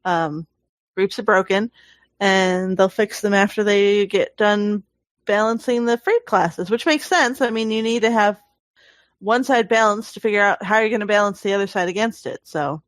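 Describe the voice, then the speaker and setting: A woman's voice: medium pitch, normal speed, no echo. A woman co-hosting a gaming podcast, chatting casually and explaining things with fillers and restarts. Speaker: podcast co-host.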